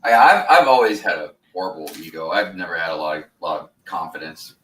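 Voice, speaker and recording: Man, lowish voice, laid-back, echoey room, off-mic, faint hiss. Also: expressive, brisk, a bit bright, distant mic. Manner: laid-back, easygoing, says "man" and "dude". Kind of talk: casual chat.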